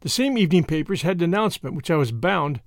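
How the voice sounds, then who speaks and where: Man narrating a classic story, slightly high voice, dry close recording. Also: lively intonation, fast, dry recording. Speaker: audiobook narrator. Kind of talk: first-person storybook narration.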